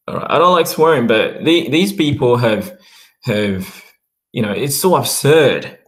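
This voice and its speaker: A man's voice: mid-range voice, animated, measured pace, fairly bright tone, echoey room. A man with a mixed Australian and British accent, rambling in a casual livestream chat as he talks to viewers.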